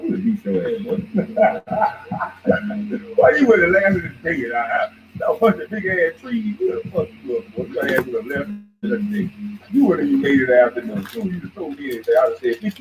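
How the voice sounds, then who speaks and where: A man hosting a podcast, ranting in heated, profane commentary that swings between mocking shouts and low mutters. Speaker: podcast host. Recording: dull lo-fi recording.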